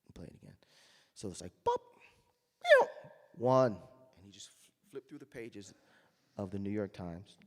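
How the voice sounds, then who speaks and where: Trumpet guy telling stories to a crowd, deep-ish voice, does the quotes big, reverby hall. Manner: storytelling, acts out quoted voices loudly. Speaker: jazz trumpeter telling his story. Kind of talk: anecdotal talk to an audience.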